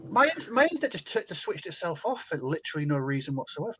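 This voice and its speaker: A man's voice: fairly high pitch, sing-song, fast, a crowd in the background. A man chatting casually on a hobby podcast, talking down his own work and rambling with restarts. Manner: self-deprecating, rambling with restarts. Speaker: podcast co-host. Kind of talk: casual chat.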